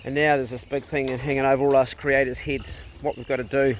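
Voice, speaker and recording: A man's voice: mid-range voice, flat delivery, a little fast, slight background noise. A middle-aged man chatting casually outdoors on a farm, talking to his dogs and laughing at himself. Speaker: farm vlogger. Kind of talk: casual vlog chat.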